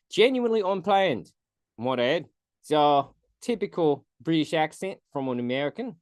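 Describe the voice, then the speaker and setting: A man's voice: sits high, no room sound, clean studio sound. An American man talking in a put-on British accent, making self-mocking asides in a casual solo podcast.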